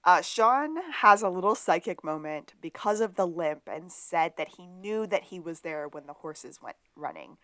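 Woman, somewhat low pitch, dry sound, deadpan recap, podcast co-host. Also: moderate pace, few pauses, no echo. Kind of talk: casual episode recap.

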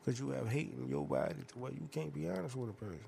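A man hosting a podcast, telling stories in a profane, animated, rambling rant. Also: medium pitch, quick pace, creaky, slight background noise. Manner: profane, animated storytelling with loud laughing outbursts. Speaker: podcast host.

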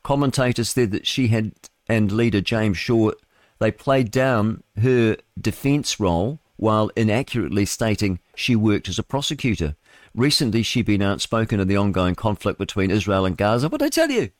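A man's voice: on the low side, moderate pace, no echo. A male radio host, reading news items and adding rambling, mocking commentary with chuckling asides. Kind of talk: solo talk radio commentary.

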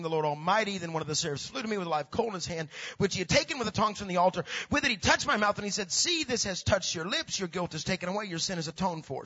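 A man preaching a sermon who swings from hushed tones to shouting and repeats words for emphasis. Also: high-pitched, highs cut off. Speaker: pastor.

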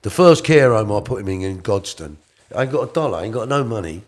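A middle-aged man tells a personal story in a colloquial, earnest way, moving between soft asides and emphatic bursts. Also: on the low side, animated, fast.

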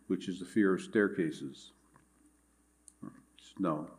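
Low-voiced man preaching a sermon. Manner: measured, earnest preaching with scripture reading. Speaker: pastor.

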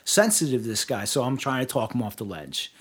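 A podcast co-host on a casual talk show tells a bartending story, swearing a lot and acting out the dialogue with animated energy. His mid-range voice is brisk with a breathy edge.

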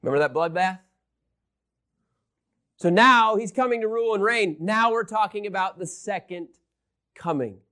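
Animated high-voiced man teaching Bible. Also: normal speed, pauses often. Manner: excitable, swings from loud to hushed, ends in prayer.

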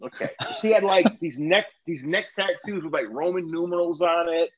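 In a casual chat, a man with a notably high voice tells an animated, profane story at normal speed, swearing freely and laughing partway through lines. The audio is slightly muffled.

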